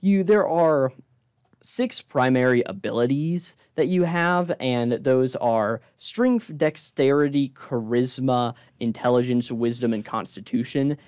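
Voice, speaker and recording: Man as game master for a tabletop game, chatty and rambling, even middle pitch, dry close recording. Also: unhurried, clear, resonant tone, no room sound. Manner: rambling, explains rules with many fillers.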